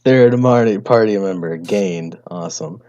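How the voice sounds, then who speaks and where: Game master type: low-voiced man, dull lo-fi call audio, playful and quick to joke. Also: dark tone. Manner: playful, laughs easily, quick asides. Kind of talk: running a tabletop game over a voice call.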